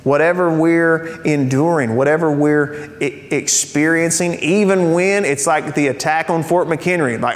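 In a reverberant hall with a faint rumble, a pastor speaks to his congregation at a measured pace with few pauses. His sermon is conversational, dotted with rhetorical questions and gentle humorous asides.

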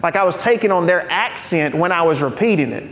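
A male pastor preaching a sermon in a conversational teaching manner, dropping in joking asides and slowing down to stress key phrases. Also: high voice, lively intonation, a bit bright. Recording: long reverb of a large hall.

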